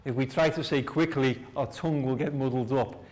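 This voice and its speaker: A man teaching a class, leading slow repeat-after-me drills in a clear, encouraging way. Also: mid-range voice, fairly even intonation, darkish tone. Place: classroom with students.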